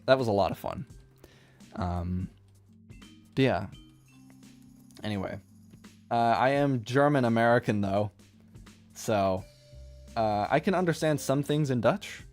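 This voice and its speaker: A man chatting casually on a live stream while he draws manga, rambling and quick to laugh at his own jokes. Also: on the low side, animated, darkish tone. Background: faint music playlist.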